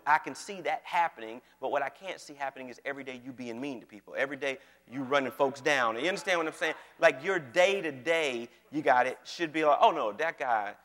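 A male pastor preaching in a lively conversational style, often asking the congregation whether they follow him. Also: mid-range voice, in a large hall. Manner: animated, keeps checking in with the congregation. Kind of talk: conversational sermon.

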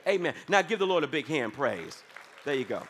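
High-voiced preacher in a reverberant hall. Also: male voice, fairly quick, some chatter behind, a little hiss or hum. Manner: lively, call-and-response preaching. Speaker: pastor. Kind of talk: sermon. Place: church sanctuary. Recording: long reverb of a church hall.

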